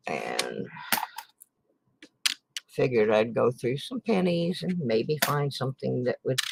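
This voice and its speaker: A weary woman talks at an unhurried drawl in her living room late at night, thinking aloud in a folksy, meandering way. Her voice has a gravelly fry yet rises and falls a great deal. Soft sighs and muttered exclamations run through her talk. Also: extremely low pitch, slight background noise, low-quality recording. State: tired and sleepless. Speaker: coin roll hunting vlogger. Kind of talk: late-night casual chat while searching coins.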